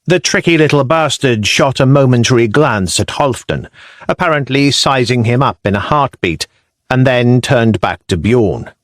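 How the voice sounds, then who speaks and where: A man reading a historical audiobook in measured, descriptive storytelling, recorded on a close studio mic. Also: mid-range voice, expressive, fairly bright tone, dry recording. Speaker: audiobook narrator. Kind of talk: scripted narration.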